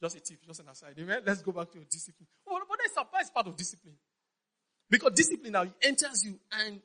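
Bright, high-voiced Nigerian pastor preaching. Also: male voice, rough recording. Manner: emphatic, repetitive, keeps asking the congregation if they understand. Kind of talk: sermon.

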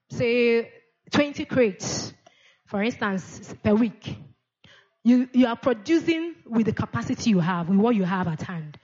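A woman's voice: fairly high pitch, darkish tone, muffled recording. A woman preaching a sermon in a church, asking the congregation questions and repeating key words, with frequent amens.

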